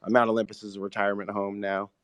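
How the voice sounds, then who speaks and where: A man's voice: fairly low pitch, little pitch movement, a bit bright, smooth, dry recording. A man, a screenwriter and show creator, talking enthusiastically in casual podcast conversation with many fillers. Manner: rapid, enthusiastic, lots of fillers.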